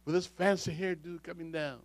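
A man preaching a fiery sermon, dropping to quiet asides and rising to shouts. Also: a little high, fairly even intonation, fairly quick, no echo.

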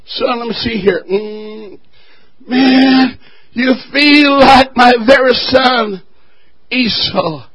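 A man voicing an old, nearly blind father who speaks in a hushed, slow, coaxing drawl. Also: extremely high pitch, slightly rough, pitched above the performer's own voice, exaggerated voice, poor audio. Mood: doubtful.

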